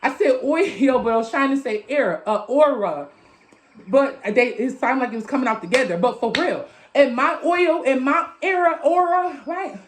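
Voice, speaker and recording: A young woman giving a loud, emphatic and profane tarot reading into her phone. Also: high-pitched, normal speed, a little hiss or hum. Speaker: tarot reader. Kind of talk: casual motivational tarot reading.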